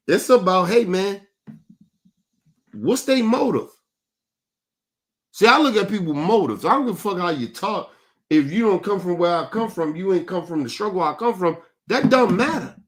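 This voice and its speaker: A man's voice: sits high, lively intonation, normal speed, long pauses. A man hosting an online talk show, giving blunt, profane commentary and often asking "right?". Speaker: show host. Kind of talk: casual commentary.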